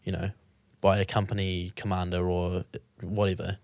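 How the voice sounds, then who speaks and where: Low-voiced New man, casual rambling. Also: monotone, normal speed, a little mellow, dry recording. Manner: loose and rambling, lots of restarts and swearing. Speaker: podcast host. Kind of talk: casual chat.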